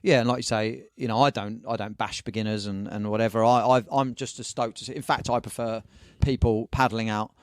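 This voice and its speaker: A man, a surf shop owner and magazine editor guesting on a podcast, telling animated, slangy stories in casual chat. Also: lowish voice, a little fast, hardly any pauses, clean tone, dry recording, clean studio sound.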